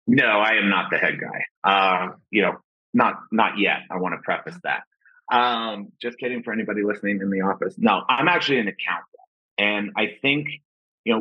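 Chatting casually in an interview, a podcast guest from Ohio, USA, uses lots of fillers and a self-deprecating manner. His low voice has a breathy edge, with no room sound and a dull, slightly muffled quality.

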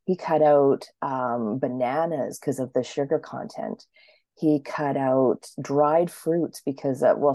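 A woman's voice: mellow, dry recording, clean studio sound. A woman in her thirties telling her story as an interview guest, chatty, often acting out what others said. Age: 30s. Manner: chatty, acts out quotes with sudden high-pitched voices. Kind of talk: casual storytelling.

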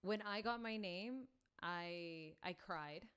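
A woman guest on a podcast, telling a personal story in an animated, casual way. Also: fairly low pitch, takes it slowly. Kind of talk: casual conversation.

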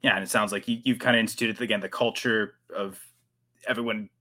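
A Canadian man hosts a livestreamed podcast in a loose, rambling way. His voice is low but bright and forward. He restarts sentences often as he thinks aloud. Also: fairly even intonation, fast. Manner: rambling, many restarts and fillers. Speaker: podcast host. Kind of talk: casual livestream podcast chat.

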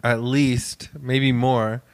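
A man's voice: medium pitch, level tone, extremely slow, clean tone. A man co-hosting a comedy podcast, telling rambling anecdotes and laughing often in casual chat. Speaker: podcast co-host.

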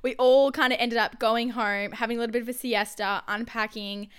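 Young woman, podcast co-host, higher voice, clean tone, casual storyteller. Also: steady tone, fairly quick, fairly bright tone, clear, resonant tone. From Australia. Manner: chatty storytelling, lots of "like" and "yeah". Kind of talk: casual chat.

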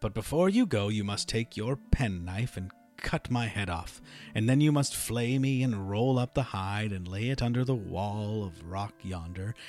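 A man voicing a steady, wise magic bull who gives calm orders. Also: lowish voice, close to an everyday voice.

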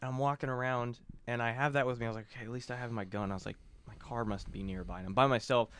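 A man's voice: medium pitch, steady tone, very fast, fairly bright tone, a little hiss or hum. A young man in casual podcast chat, rambling through a long story with lots of cursing and filler words. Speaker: podcast co-host.

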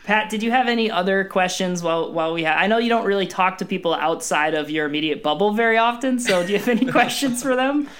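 A host of a casual chat who prods the guests with teasing questions. The voice sits at an ordinary middle pitch. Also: fast, few pauses, a bit bright.

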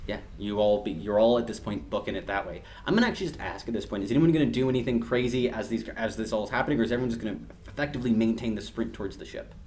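A man's voice: on the low side, lively intonation, very fast, hardly any pauses, darkish tone, a little hiss or hum. A man narrating as game master for a tabletop game, rambling with lots of fillers and laughing along with his players.

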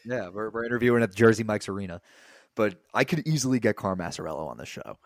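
A man's voice: fairly low pitch, expressive, fast talker, dry recording, studio quality. A young man co-hosting a casual sports podcast, rambling with lots of filler words. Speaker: podcast co-host.

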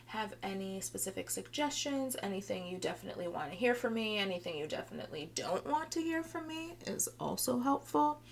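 A young adult woman chats through her solo podcast in a rambling, filler-heavy way. Her voice sounds strained and a little hoarse, with a gravelly fry. A faint hiss of noise sits under the recording. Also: on the high side. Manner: chatty, rambling, many fillers. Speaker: podcast host. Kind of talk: casual solo podcast chat.

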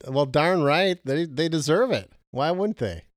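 A middle-aged man chats casually into a podcast mic, his pitch swinging up and down as he jokes at his own expense. The sound is close and dry, with no room around it. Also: expressive, a little slow, no room sound. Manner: laughs often, self-deprecating joking. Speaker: podcast co-host. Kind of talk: casual chat.

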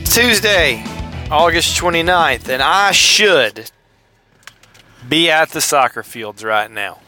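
Bright-voiced man, chatty host. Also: a little high. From American South. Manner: chatty, joking, self-deprecating. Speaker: podcast host. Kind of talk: casual rambling monologue.

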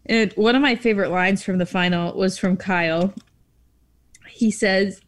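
A woman's voice: medium pitch, very animated, measured pace, pauses often, slight background noise. A woman co-hosting a podcast, chatting casually and laughing easily. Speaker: podcast co-host. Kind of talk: casual chat.

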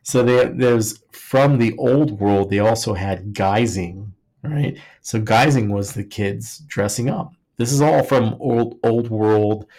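Speaking slowly in a fairly low voice with a darkish tone, a man co-hosting a podcast rambles about history in a jokey, casual way. His talk is thick with "like" and frequent restarts.

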